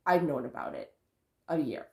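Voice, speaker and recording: At a normal speed, the woman's low, mellow voice echoes in a reverberant space. Addressing her vlog camera, she speaks casually about spiritual growth, rambling, correcting herself, sighing and laughing.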